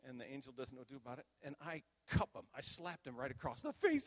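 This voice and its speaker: A man's voice: quick pace, few pauses, in a large hall. Older man telling a dream in a sermon. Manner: conversational storytelling, animated at high points. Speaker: minister. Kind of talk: sermon testimony.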